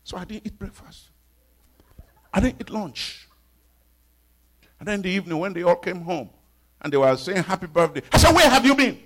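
Husky-voiced man preaching with dramatic swings. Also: high-pitched, normal speed, pauses often. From Africa. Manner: dramatic preaching, swings from hushed whispers to loud exclaims. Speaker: pastor. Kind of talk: sermon.

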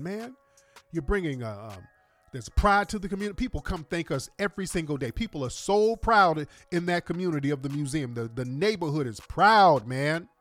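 A man hosting a casual livestream, talking in animated, slangy street talk to his viewers. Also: on the high side, dry recording. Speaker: livestream host.

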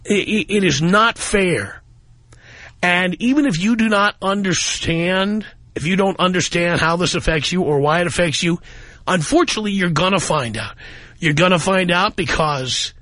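A man's voice: high voice, sharp tone, no echo. A man hosting a talk radio show, ranting in an angry, emphatic way from a studio microphone.

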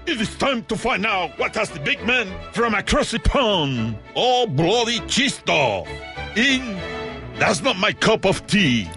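A man doing a blustery British announcer, high-pitched and swooping up and down, drawn out word by word with big theatrical flair. Music plays loudly under him. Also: sing-song, slow pace, full character voice. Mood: blustering. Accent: put-on British. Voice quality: exaggerated announcer delivery. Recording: voice with music bed.

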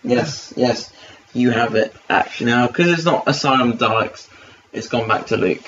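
A man's voice: medium pitch, moderate pace, fairly bright tone. Rambling, swearing man on a distant mic. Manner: swearing, rambling, many fillers. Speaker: podcast co-host. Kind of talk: casual commentary chat. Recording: distant lo-fi mic with faint hiss.

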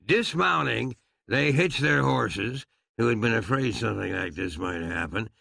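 Gravelly, wry male storyteller. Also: mid-range voice, a bit bright, no room sound. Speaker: narrator. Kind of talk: audiobook narration.

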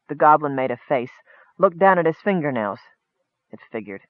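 A man reading a fantasy story aloud in steady narration. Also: a little high, normal speed, dry recording. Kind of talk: audiobook narration. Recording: tinny phone-like line, dry.

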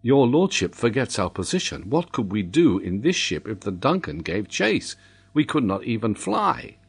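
A man's voice: mid-range voice, big pitch swings, normal speed, gravelly, breathy edge, full character voice. A man voicing a loyal young sea captain in an audiobook, speaking earnestly and steadily. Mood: warning.

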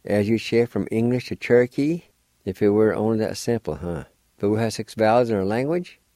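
A man gives a pronunciation lesson and spells words out one letter at a time. His voice is low and mellow and his pace is very unhurried. The sound is dry and close. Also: no echo. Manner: slow, deliberate letter-by-letter spelling. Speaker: language teacher.

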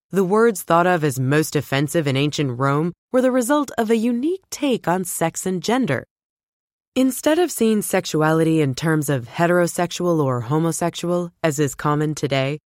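A woman narrating a scripted book summary in an even, clear reading voice. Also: lowish voice, no echo, clean studio sound.

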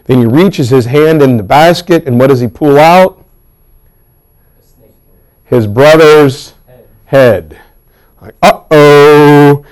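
A man teaching a history class, telling the story with lively asides and acted-out quotes. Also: medium pitch, takes it slowly, pauses often, low-quality recording. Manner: animated storytelling with pop-culture asides. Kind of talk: classroom lecture.

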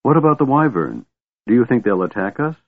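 A man's voice: medium pitch, very animated, brisk, no echo, voice pushed up. A man voicing a cheerful, fearless small male kender who talks in a chatty, boastful way. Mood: urgent. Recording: tinny, dry, phone-like sound.

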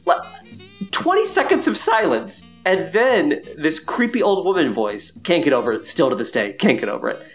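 A man's voice: a little high, very animated, moderate pace, fairly bright tone, faint music behind. Laughing, swearing man in his thirties. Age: 30s. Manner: casual, swears freely, laughs often. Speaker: podcast host. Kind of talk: casual podcast chat.

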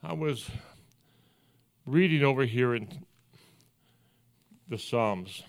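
An older man, a pastor, giving a sermon, telling stories in an earnest, folksy way that drops to hushed, quiet passages. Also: medium pitch, lively intonation, slow, gravelly, clean tone. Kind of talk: sermon storytelling.

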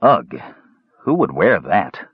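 A man voicing a big, blunt male warrior who talks gruffly, heavily and tersely. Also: sits low, very animated, takes it slowly, no room sound, lo-fi sound, heavily acted. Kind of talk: audiobook character voice.

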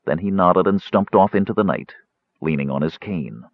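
A man reading a fantasy audiobook with an expressive, varied delivery. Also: low voice, normal speed, no room sound. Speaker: audiobook narrator. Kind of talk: scripted fantasy narration. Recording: slightly dull audiobook recording.

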